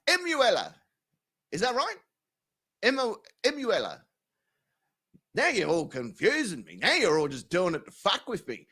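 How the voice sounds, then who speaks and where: Lively, bright-voiced Australian bloke streaming. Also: male voice, high-pitched. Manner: profane, laughing, joking with chat. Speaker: livestream host. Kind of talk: casual live chat reading comments.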